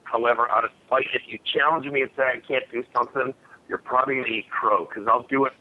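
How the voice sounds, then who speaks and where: A man's voice: medium pitch, steady tone, fast. A man in his forties, a guest telling old fight stories in a blunt, rambling way, swearing freely. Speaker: podcast guest, former fighter. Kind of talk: storytelling in a casual interview. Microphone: phone line. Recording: tinny phone line, faint hiss.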